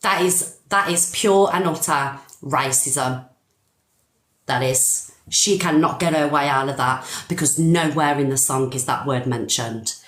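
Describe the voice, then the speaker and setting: A woman's voice: low voice, unhurried, a bit bright, echoey room. A middle-aged British woman hosting a live stream, ranting angrily and emphatically with plenty of swearing. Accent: British English. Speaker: TikTok live host.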